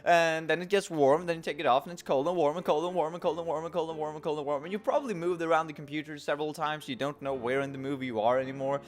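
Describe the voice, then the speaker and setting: A young man giving tongue-in-cheek advice in a rambling, self-mocking vlog with wry asides. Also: fairly high pitch. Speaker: vlogger.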